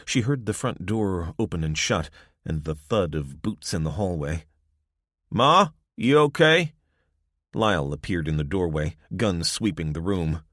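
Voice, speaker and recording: Audiobook narrator: man, very low voice, measured, dry studio sound. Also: no echo. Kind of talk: scripted narration.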